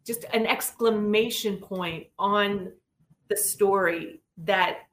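A middle-aged woman telling a personal story in an earnest, animated way as an interview guest. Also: medium pitch, slow. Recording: roomy echo.

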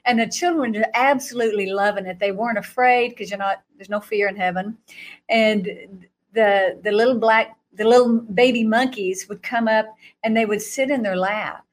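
A middle-aged woman telling a story in an animated way, laughing often and jumping to a high voice when she acts out reactions. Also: moderate pace. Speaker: guest recounting a vision.

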